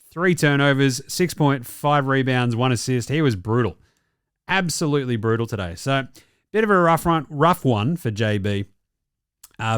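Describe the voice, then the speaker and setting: A man's voice: mid-range voice, smooth, no room sound, clean studio sound. Brash Australian man, sports host. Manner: brash, profane, jokey. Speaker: basketball show host. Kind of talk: casual sports commentary.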